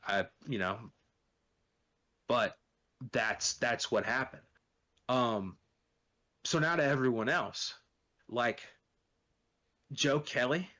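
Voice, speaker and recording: A man's voice: mid-range voice, slow, long pauses, bright, forceful tone. A man co-hosting a podcast, rambling through a story in casual chat, full of swearing and filler words. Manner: rambling, profane, lots of "you know" and "like". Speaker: podcast co-host.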